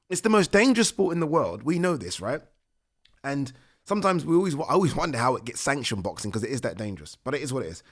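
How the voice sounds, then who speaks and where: A man hosting a boxing podcast, talking casually and getting indignant, sometimes near-shouting in outrage. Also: on the high side, very animated, a little fast, creaky. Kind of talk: casual solo commentary.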